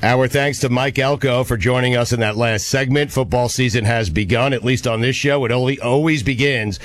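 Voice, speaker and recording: A man's voice: medium pitch, moderate pace. A man hosting a sports radio show in a studio, bantering in a dry, self-mocking way. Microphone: studio microphone.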